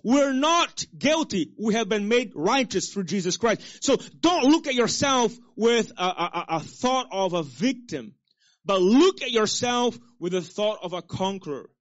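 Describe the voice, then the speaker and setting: A male pastor preaching a sermon with call-and-response to the congregation, swinging between loud exhortation and soft low asides. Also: big pitch swings, a little slow. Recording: dull lo-fi sermon recording.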